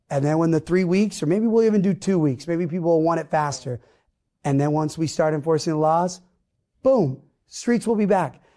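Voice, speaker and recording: A man's voice: sits high, warm tone. A man on a podcast laying out his plans as a mayoral candidate in plain, emphatic talk. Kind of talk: podcast interview.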